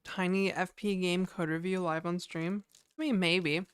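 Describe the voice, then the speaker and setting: A woman's voice: fairly low pitch, fairly even intonation, measured pace, smooth, no room sound, studio quality. A young woman live-coding on a stream, chatting casually and wryly with viewers and answering their comments. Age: young adult. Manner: offhand and wry, talking straight to viewers.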